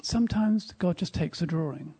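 Raspy, gravelly-voiced man preaching. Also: fairly high pitch, normal speed. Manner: emphatic, storytelling, drops to a whisper in quiet moments. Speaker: speaker at a church service. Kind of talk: sermon with storytelling.

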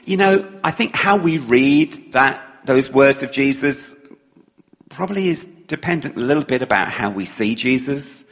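Man, preacher, lively storytelling sermon, big rise and fall in pitch, long hall reverb. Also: normal speed. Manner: animated, acts out the characters' lines.

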